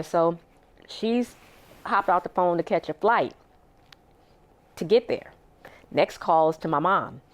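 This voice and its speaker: Woman, middle-aged, interview guest, emotional retelling, low voice. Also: animated, slow, pauses often. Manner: emotional, vivid retelling with acted-out quotes. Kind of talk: recounting a personal story.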